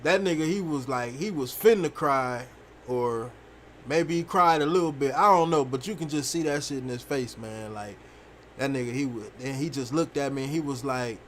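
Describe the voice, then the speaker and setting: A young man casually telling a rambling, profane story while streaming a game, animated and full of fillers. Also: medium pitch, moderate pace, a little hiss or hum. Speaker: gaming streamer.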